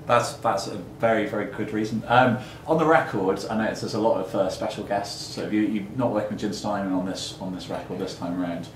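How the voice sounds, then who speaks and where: Soft-spoken male interviewer. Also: lowish voice, brisk, few pauses. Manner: soft-spoken, frequent short agreements. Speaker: podcast interviewer. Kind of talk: casual interview. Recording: echoey room with faint noise.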